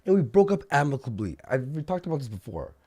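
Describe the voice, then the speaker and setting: A man's voice: mid-range voice, big pitch swings, fast talker, warm tone, husky. A man ranting angrily on a livestream, agitated and swearing, often repeating himself. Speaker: streamer. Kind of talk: angry livestream rant.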